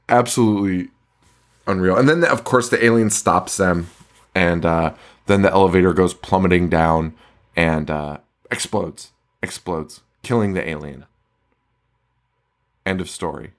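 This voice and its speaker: A man's voice: low voice, slow pace, long pauses. A man co-hosting a podcast, chatting casually about a film in a rambling, profane way that is full of laughter. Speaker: podcast co-host. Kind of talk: casual movie-review chat.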